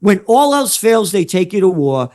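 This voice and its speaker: A man's voice: high-pitched, very animated, normal speed, a little mellow. An older man from the Bronx with a New York accent, a trend forecaster ranting sarcastically and crudely as an interview guest. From New York City (the Bronx). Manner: sarcastic, crude, mocking asides. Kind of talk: heated interview rant.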